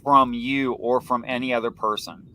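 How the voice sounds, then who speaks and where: A man on a livestream panel arguing his view earnestly and telling stories with animated, put-on voices. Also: medium pitch, moderate pace.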